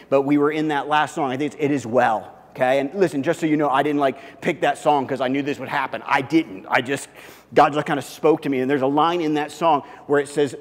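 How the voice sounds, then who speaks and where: A pastor preaching a sermon, telling the story with animation and often repeating his words. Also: long reverb tail. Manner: animated storytelling, repeats words, pitch climbs when excited. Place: church sanctuary.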